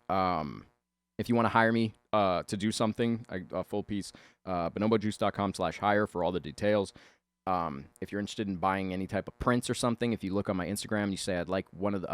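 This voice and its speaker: A fairly low-voiced man chats loosely as he draws. He rambles, swears and keeps breaking into laughs. The sound is dry, close and plain. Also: clear, resonant tone, no echo. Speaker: illustrator and channel host. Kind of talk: casual chat while drawing.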